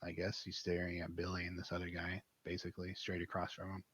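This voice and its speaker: A young man running a tabletop game as its dungeon master. His voice sits very low and husky, and he narrates in a relaxed way, stopping often for fillers. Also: quick pace.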